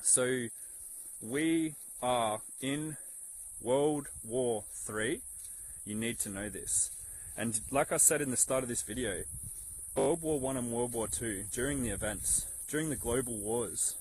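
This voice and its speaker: Man, impassioned monologue, preachy, swearing, repetitive, mid-pitched voice, faint background noise. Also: normal speed, poor audio. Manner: heated, preachy, swearing, repeats himself. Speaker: social media commentator.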